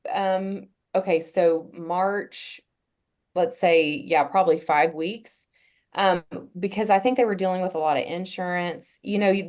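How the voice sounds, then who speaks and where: A woman guest on a podcast, telling a personal story in a casual, earnest way, pausing often with fillers and restarts. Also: fairly low pitch, darkish tone. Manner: halting, with frequent "um" and restarts.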